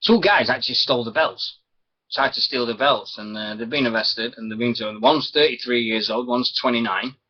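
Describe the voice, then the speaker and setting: In dull, lo-fi stream audio, a man from Britain with a sore throat rambles through his solo wrestling radio chat online, chuckling and losing his thread. His voice is mid-range and slightly rough, at normal speed.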